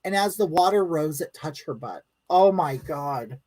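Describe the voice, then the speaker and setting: Animated woman rambling on a live stream. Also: low-pitched, unhurried, poor audio. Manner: rambling, blunt and crude, talks straight to viewers. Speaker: livestream host reading viewer comments. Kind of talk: casual live-stream chat.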